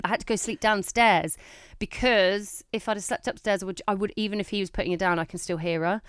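A woman's voice: fast, clean tone, no echo, studio quality. A woman in her thirties, co-hosting a casual chat podcast and telling stories animatedly, acting out quoted lines. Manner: animated storytelling, acting out quotes with big pitch jumps. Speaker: podcast co-host.

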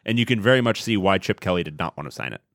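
A man's voice: deep voice, very animated, rapid-fire, creaky, fairly bright tone, no room sound. A man co-hosting a sports podcast, giving dry, matter-of-fact analysis with wry jokes. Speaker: podcast co-host.

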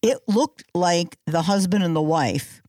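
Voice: mid-range voice, a little slow, a little mellow, no echo, studio quality. A co-host in a casual chat, talkative and telling stories, acting out what people said. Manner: talkative, storytelling, acts out quotes.

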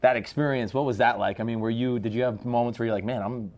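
A man's voice: medium pitch, fairly even intonation, darkish tone. A male co-host with a mid-range voice who stops and starts as he feels his way through a question. The talk is casual and recorded at a studio microphone. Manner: rambling, halting questions. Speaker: podcast co-host. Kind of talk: casual chat.

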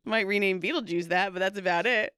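A woman's voice: mid-range voice, quick pace, bright, forceful tone, clear, resonant tone, dry recording, studio quality. A young woman chatting casually on a podcast, telling a long story with lots of fillers. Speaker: podcast co-host and new mother. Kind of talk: casual chat.

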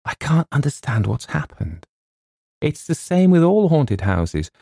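A man's voice: fairly high pitch, vocal fry, mellow, dry recording, studio quality, voice pushed up. A man voicing a fretful young bachelor writer who talks in an earnest, anxious way.

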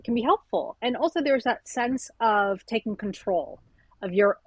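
A woman's voice: fairly high pitch, moderate pace, no echo, low-quality recording. A woman author talking candidly in an interview, telling stories and acting out quoted remarks. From South Asian family. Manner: candid, animated storytelling with quoted asides. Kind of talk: conversational interview.

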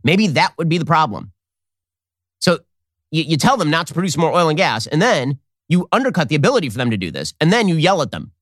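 A man hosting a political commentary show, talking in a rapid, sarcastic, mocking monologue. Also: fairly high pitch, sing-song, a bit bright, no room sound, studio quality. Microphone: studio mic with earpiece.

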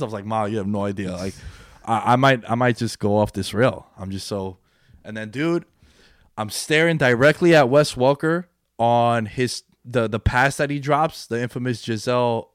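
An animated young man talking sports in a casual chat, his voice jumping from loud excited bursts down to low mutters. He sits close to a dry podcast mic, with no room sound around him. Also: normal speed, clean tone, dry recording.

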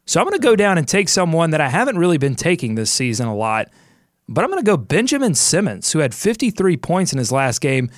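A man's voice: fairly high pitch, very animated, quick pace, no room sound, clean studio sound. A man hosting a sports podcast, reading an ad and chatting in an upbeat, jokey way while thinking aloud. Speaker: podcast host. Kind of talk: casual sports podcast chat and ad read.

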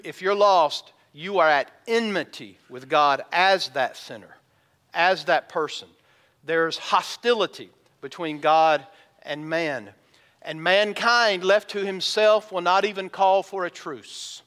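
A man preaching a sermon as pastor, emphatic, with dramatic pauses and slowed scripture reading. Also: high-pitched, fairly bright tone.

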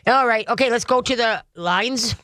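A woman's voice: fairly high pitch, moderate pace, a bit bright, no echo, studio quality. An older woman hosting a call-in radio advice show, chatty and folksy, often acting out the commands she gives.

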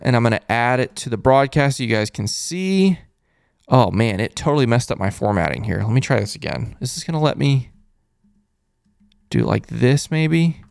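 Lively gravelly man recapping a game. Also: mid-range voice, no echo, studio quality. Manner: chatty, repeats exclamations, thinks aloud while reading stats. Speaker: host of a fan postgame show. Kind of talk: casual live-stream sports recap.

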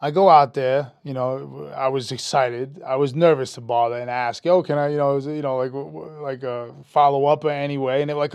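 A man, a metal musician guest telling an animated, profane story in a casual interview, raising his voice when quoting people. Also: medium pitch, normal speed, vocal fry, clean tone, dry recording, studio quality. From New York. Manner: animated, profane, acts out quotes with a rising voice.

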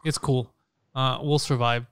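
A man's voice: mid-range voice, little pitch movement, measured pace, fairly bright tone, smooth, no echo, clean studio sound. A man hosting a casual talk show, bantering bluntly with his friends, swearing freely and laughing often.

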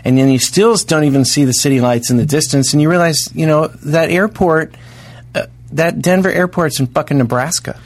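Rambling deadpan man telling tall tales. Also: fairly high pitch, fairly quick. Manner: rambling, deadpan, exaggerated storytelling. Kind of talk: casual comedic chat.

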